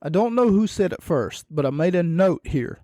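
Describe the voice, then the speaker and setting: A hoarse man with a frog in his throat hosts a podcast, talking in a rambling, casual way with wry, self-deprecating jokes. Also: high voice, lively intonation, moderate pace, dark tone, no room sound, studio quality. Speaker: podcast host.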